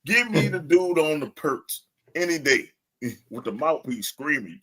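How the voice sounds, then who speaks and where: A man's voice: on the high side, a little slow, breathy edge. A man co-hosting a wrestling podcast, chatting casually and laughing often. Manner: laughs often, animated storytelling. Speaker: podcast co-host.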